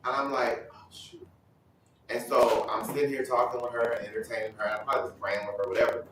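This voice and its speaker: A man sharing a personal testimony at a Bible study, telling his story in an animated way and acting out other people's voices. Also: medium pitch, quick pace, heavy reverb, far from the mic, background noise. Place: church hall.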